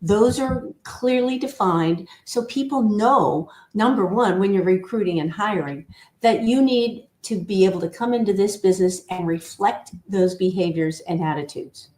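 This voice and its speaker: Measured woman coach in an echoey room. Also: medium pitch, darkish tone. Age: older. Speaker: guest, team culture coach. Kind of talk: conversational interview.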